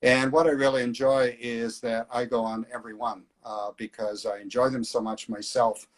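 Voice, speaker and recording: A man's voice: mid-range voice, normal speed. A middle-aged man organizing flying tours, chatting casually in an interview with many fillers. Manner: relaxed storyteller, hesitant fillers.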